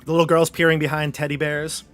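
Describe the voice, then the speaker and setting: A man's voice: a little high, completely flat delivery, fast, fairly bright tone, soft background music. A man narrating as game master in a casual style, laughing often.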